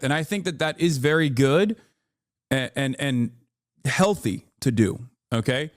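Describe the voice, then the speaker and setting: A man's voice: medium pitch, lively intonation, a little slow, no echo, studio quality. A man reacting to a video on a live stream, talking emphatically, swearing and pushing his voice up when riled.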